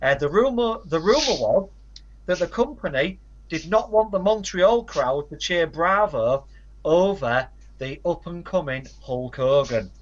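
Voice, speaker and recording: A man's voice: on the high side, animated, measured pace, highs cut off. A man co-hosting a casual podcast, rattling off facts and titles with dry asides. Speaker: podcast co-host.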